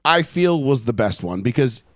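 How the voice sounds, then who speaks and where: A man in casual podcast chat, loose and profane and quick to joke. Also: mid-range voice, expressive, no room sound.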